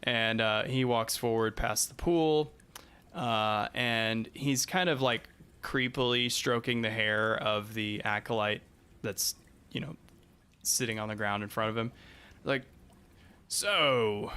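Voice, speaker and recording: A man's voice: fairly low pitch, fairly even intonation, measured pace, sharp tone, clean tone. A man narrating as game master of a tabletop game, hesitant and full of fillers.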